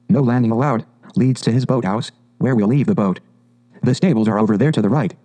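A man voicing a cheerful, good-natured male water rat from a storybook, talking in a brisk, hearty, chatty way. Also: medium pitch, mellow, close to an everyday voice, rough recording.

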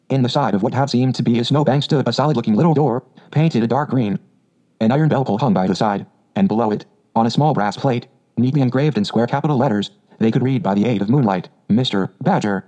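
A man narrating a children's story aloud in a steady, measured way on a dull lo-fi recording. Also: medium pitch. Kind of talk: audiobook reading.

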